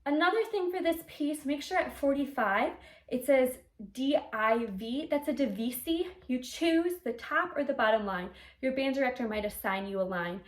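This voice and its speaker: A high-pitched woman gives a patient flute lesson, walking through tenutos, staccatos and accents one at a time and singing short syllables to show each one. Her voice rings in a noticeably echoey room. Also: normal speed. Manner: clear step-by-step explaining, sings articulation syllables. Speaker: flute teacher. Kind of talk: instrumental music lesson.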